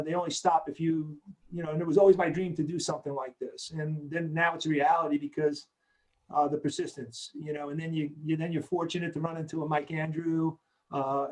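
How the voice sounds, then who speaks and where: Sixty-something creator, slightly high voice, loose rambling interview talk, fillers everywhere. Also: male voice, a little mellow, low-quality recording. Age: 60s. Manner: rambling, heavy on "you know" fillers. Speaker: creator of an animated short.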